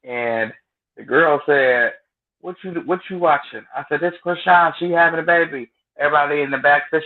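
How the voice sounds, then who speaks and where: A man's voice: on the high side, fairly even intonation, fairly quick. A man, co-hosting a casual late-night chat and telling comic stories with acted-out quotes. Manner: comic storyteller, acts out quotes. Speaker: podcast co-host. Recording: tinny phone-like sound.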